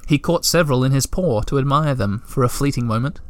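A man narrating a children's storybook in a steady, gentle reading voice. His pitch sits at an ordinary middle, and the recording is close and dry with no room sound. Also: fairly quick, dry recording.

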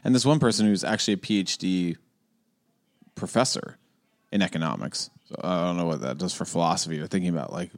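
A man co-hosting a podcast in casual conversation, animated and quick to laugh at himself. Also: sits low. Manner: animated, laughs often, jokey. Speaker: podcast co-host.

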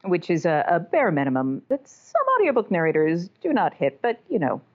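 A woman's voice: lowish voice, very animated, fairly quick. A woman from the American South, an audiobook narrator and author, talking candidly and chattily in an interview, with a self-deprecating manner. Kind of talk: casual interview conversation. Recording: dull lo-fi sound.

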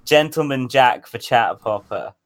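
A man's voice: mid-range voice, animated, unhurried, a little hiss or hum. A man co-hosting a livestream in casual chat, swearing freely, laughing often and mocking as he talks. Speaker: livestream co-host. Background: his own guitar noodling.

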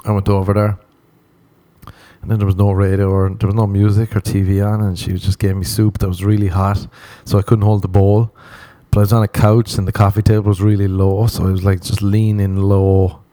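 A man's voice: fairly low pitch, flat delivery, a little fast, dark tone. A man telling rambling, crude, self-mocking stories as a podcast host, often laughing as he goes. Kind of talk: comedic storytelling monologue.

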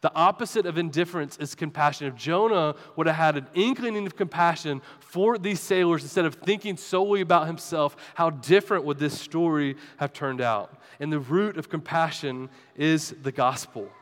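A man's voice: fairly high pitch, normal speed, hardly any pauses, a bit bright, in a large hall. A male pastor preaching a sermon, chatty and self-deprecating with his congregation. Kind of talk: sermon with personal story. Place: church sanctuary.

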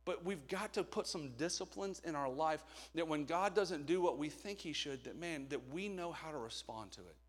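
A man's voice: a little high, lively intonation, moderate pace, hardly any pauses. A middle-aged man preaching a candid, conversational sermon with jokes along the way. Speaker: pastor.

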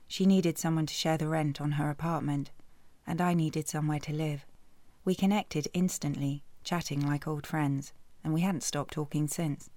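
British woman reading a romance audiobook, low fry in her voice, dry sarcastic tone. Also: warm tone, no echo. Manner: dry, sardonic storytelling. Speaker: audiobook narrator. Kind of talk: first-person romance audiobook narration.

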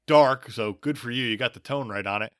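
A man's voice: mid-range voice, fairly quick, a bit bright, dry recording, studio quality. A man co-hosting a podcast, chatting casually about movies with strong opinions and frequent laughter. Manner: opinionated, emphatic, laughs often. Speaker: podcast co-host.

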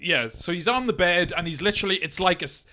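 Bright high-voiced man chatting about films. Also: expressive, fast talker. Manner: laughs often, swears, acts out film lines. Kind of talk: casual film discussion.

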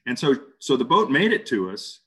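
In an interview, a man with a medium-pitched voice casually recounts an ordeal, telling the story in a halting yet animated way.

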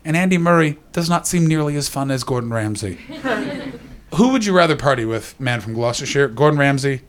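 A man's voice: medium pitch, animated, fairly quick, slight background noise. A man doing a stand-up set, rambling, swearing and riffing with the crowd. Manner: profane, rambling, riffs with the crowd. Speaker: stand-up comedian. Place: live comedy venue.

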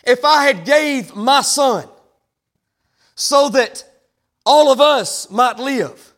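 Man, pastor, sermon, very high voice, emphatic preaching. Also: lively intonation, extremely slow, a bit bright. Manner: preaching with rising, emphatic declarations.

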